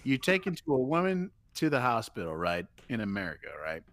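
Man, excitable podcast co-host, interrupts often, dry close sound, animated. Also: medium pitch, a little fast, no echo. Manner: excitable, keeps cutting in with "hold on". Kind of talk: casual podcast banter.

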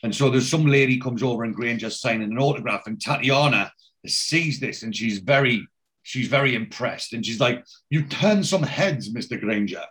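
A man talks through a TV episode in a loose, animated way. He keeps dipping into quoted lines, then drops back into his own casual, swearing commentary. His voice sits at an ordinary middle pitch. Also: moderate pace. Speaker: podcast co-host recapping a TV series. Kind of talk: casual chat, retelling scenes with quoted dialogue.

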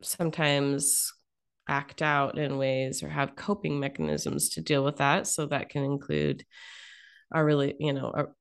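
A woman guest coach on a video call, speaking in a soft, reflective way and pausing to find her words. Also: rumbling low, clear, resonant tone. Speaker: guest, food and body coach. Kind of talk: interview conversation.

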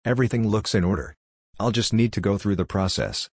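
A man's voice: fairly low pitch, a little fast, darkish tone, slightly rough, no room sound, studio quality. A man voicing a polite, businesslike male detective in an audiobook. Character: male detective, out of place, eager to finish quickly. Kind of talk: audiobook character voice.

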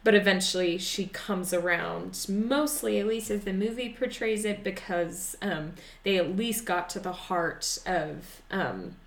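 A woman's voice: mid-range voice, a little slow, creaky, hardly any pauses. A woman chats casually as a podcast guest, hesitant and laughing between thoughts. Her voice carries a roomy echo. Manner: hesitant, many fillers, laughs often. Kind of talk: casual chat.

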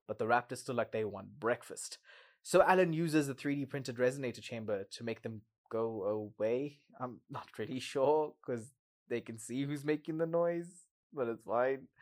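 A man's voice: mid-range voice, normal speed. A man hosting a podcast, recapping a movie in a casual, sarcastic way with exasperated asides.

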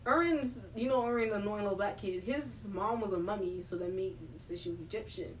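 A young woman in relaxed podcast chat, recalling stories with plenty of "like" and "you know". Her voice is mid-pitched and sounds a little distant from the mic. A faint noise floor sits under her voice. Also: fairly quick. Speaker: podcast co-host. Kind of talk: casual chat.

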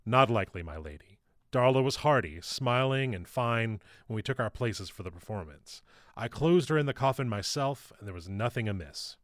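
A man voicing a calm, white-haired old male actor who leads a troupe, speaking in a deep, practised and florid theatrical manner. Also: normal speed, no echo, studio quality, natural voice. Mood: courtly. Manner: florid, courteous.

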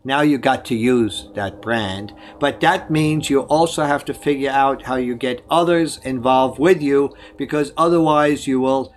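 A man's voice: medium pitch, measured pace, hardly any pauses, a little hiss or hum. An older man from Germany, giving discursive advice in an interview and often correcting himself mid-sentence. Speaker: guest. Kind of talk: conversational interview.

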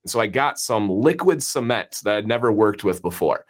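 A man's voice: fairly low pitch, moderate pace. A man from Michigan telling stories as a guest in a casual podcast chat. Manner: storytelling, animated and chatty.

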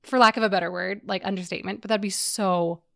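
Gentle woman interviewer with vocal fry. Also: mid-range voice, fairly even intonation, fast, dry recording, clean studio sound. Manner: gentle, empathetic, frequent "like" fillers. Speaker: podcast host. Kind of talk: interview conversation.

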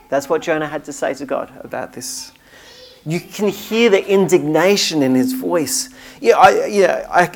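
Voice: mid-range voice, normal speed, creaky. A preacher delivering a sermon in an earnest, emphatic way, now and then restarting a phrase.

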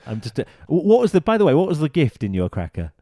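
A man's voice: a little high, wildly swooping pitch, quick pace, dark tone, no echo. A British man co-hosting a podcast, bantering wryly and musing on tech. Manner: dry, wry banter. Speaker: podcast co-host. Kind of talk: casual tech chat.

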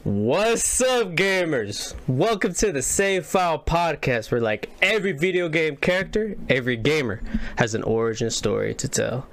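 A man's voice: fairly high pitch, lively intonation, moderate pace, gravelly, fairly bright tone, slight background noise. A man hosting a casual gaming podcast, asking questions with laid-back, slangy banter. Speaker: podcast host.

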